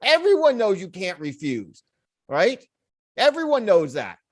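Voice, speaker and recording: A man co-hosting a podcast in casual chat, an animated storyteller who laughs often and acts out little scenes. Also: sits high, measured pace. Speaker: podcast co-host.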